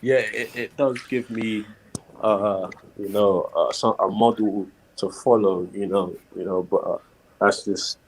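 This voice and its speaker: A man with a very deep, husky voice speaks on a podcast panel. His delivery is flat and laid-back, dotted with "you know". He sounds unhurried and plain. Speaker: panel guest. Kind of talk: casual panel chat.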